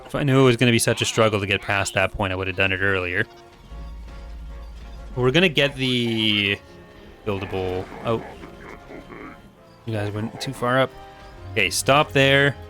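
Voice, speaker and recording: A man's voice: fairly low pitch, normal speed, pauses often, pushed and bright, faint music behind. A man thinking aloud and muttering orders to his units while playing a strategy game. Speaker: gaming YouTuber.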